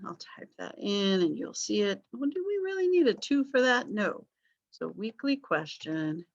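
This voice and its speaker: A woman teaching a recorded online class, talking in a loose, chatty way that is full of ums and jokes at her own expense. Her voice sits at an ordinary middle pitch. The sound is dull and lo-fi, as if from a basic computer microphone. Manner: chatty and self-deprecating, with frequent ums. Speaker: college history instructor.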